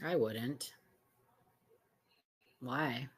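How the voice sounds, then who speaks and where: A woman's voice: very deep voice, drawn-out words, slightly rough. A woman chatting casually as co-host, with playful, teasing asides. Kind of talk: casual chat.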